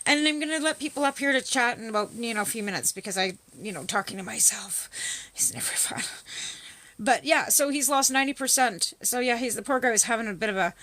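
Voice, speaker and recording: Bright-voiced, profane Canadian woman ranting. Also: fairly high pitch, quick pace, dry recording. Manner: profane, animated, rambling political rant. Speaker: livestream host. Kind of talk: casual ranting chat.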